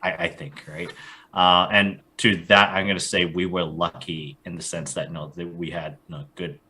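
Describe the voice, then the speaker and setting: A man's voice: low-pitched, flat delivery, moderate pace, pushed and bright. A man talking candidly as a new father on a casual podcast, self-deprecating and chuckling.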